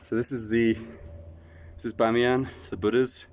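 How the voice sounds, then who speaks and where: A man's voice: mid-range voice, little pitch movement, normal speed, slight background noise. A man casually vlogging about his travels, rambling with fillers and self-deprecating asides. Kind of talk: casual travel vlog talk to camera. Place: echoey outdoor site.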